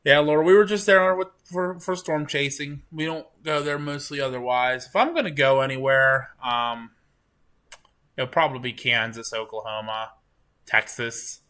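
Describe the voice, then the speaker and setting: A man hosting a live storm-tracking stream from his couch at home, talking with viewers in a relaxed, rambling way. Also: mid-range voice, moderate pace. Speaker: livestream storm chaser host. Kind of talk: casual live-stream commentary.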